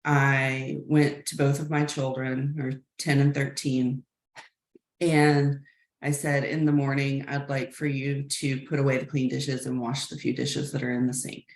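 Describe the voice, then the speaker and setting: A woman in her thirties or forties shares a frank, reflective story with a class, her low voice carrying a gravelly edge. She speaks slowly and thoughtfully. The recording has a roomy echo. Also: level tone. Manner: reflective, frank, many "like" fillers. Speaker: communication workshop facilitator. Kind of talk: candid personal story told to a class.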